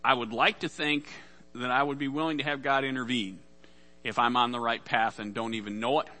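A man's voice: mid-range voice, steady tone, a little fast, bright, forceful tone. A man preaching a sermon as pastor, casual and conversational, acting out the voices in Bible stories.

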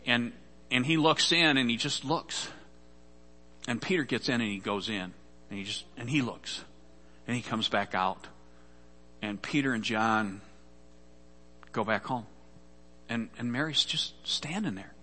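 Earnest preacher in an echoing hall. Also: male voice, mid-range voice, expressive, unhurried, pauses often, pushed and bright, slight background noise. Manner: earnest storytelling, frequent repeated words. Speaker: pastor. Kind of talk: sermon.

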